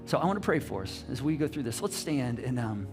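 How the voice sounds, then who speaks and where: A man's voice: mid-range voice, big pitch swings, brisk, creaky, over music. A male pastor giving a sermon in a conversational, earnest way, often restarting his sentences. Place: church.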